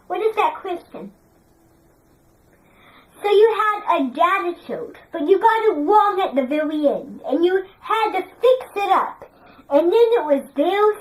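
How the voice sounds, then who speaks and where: Very high, slow, sing-song teacher woman. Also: low-quality recording. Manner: sing-song praise, call-and-repeat drilling. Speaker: teacher leading a class. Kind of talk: classroom number drill.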